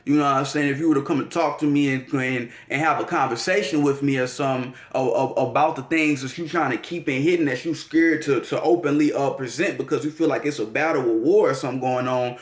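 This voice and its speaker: A man's voice: medium pitch, fairly even intonation, quick pace, hardly any pauses, roomy sound. A man giving a slangy, profane, rambling casual monologue as an astrology vlogger.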